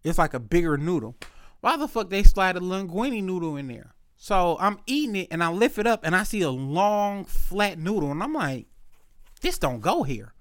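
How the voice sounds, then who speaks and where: Young guy w/ ranting a story, cussing a lot, slightly high voice, dead dry mic. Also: normal speed, no echo. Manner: animated, profane, acts out both sides of the story. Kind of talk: casual storytelling rant.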